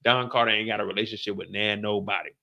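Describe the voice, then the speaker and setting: A man recapping a TV finale in casual commentary, acting out the characters in high and low voices. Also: fairly even intonation, fast, gravelly, muffled recording. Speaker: show reviewer.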